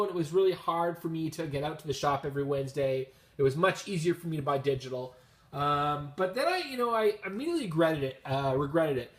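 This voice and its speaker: A man with a Canadian accent, chatting casually and upbeat at home as he shows off his comic haul, wandering into rambling asides. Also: fairly high pitch. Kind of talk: casual chat.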